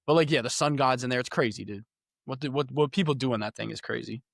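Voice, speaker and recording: A young man co-hosting a casual podcast, talking games in an animated, slangy way. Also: mid-range voice, fast talker, gravelly, dry recording, clean studio sound. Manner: slangy, animated gamer talk. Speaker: podcast co-host. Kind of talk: casual chat.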